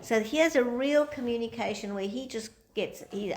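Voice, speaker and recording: A woman teacher with a fairly high voice gives an informal lecture to a small group at a moderate pace, with a slight hiss or hum in the recording. She talks conversationally and acts out quoted dialogue in different voices.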